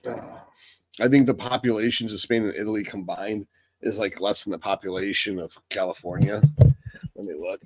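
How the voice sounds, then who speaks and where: A man's voice: fairly low pitch, steady tone, moderate pace. An American man hosting a live Q&A stream, reading viewer questions aloud and answering them bluntly with a lot of swearing. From United States.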